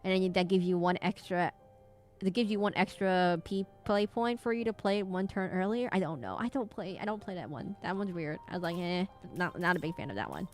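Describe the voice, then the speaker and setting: A woman's voice: fairly low pitch, fairly quick, darkish tone, soft background music. A young woman streaming a game, chatting casually and thinking aloud in a rambling way. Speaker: VTuber streamer. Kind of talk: casual gaming stream chat.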